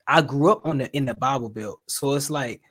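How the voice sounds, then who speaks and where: A man's voice: medium pitch, fairly quick, slightly rough. A man from the American South in casual conversation, telling stories with lots of "you know what I'm saying" fillers. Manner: animated storyteller with frequent fillers. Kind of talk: casual chat.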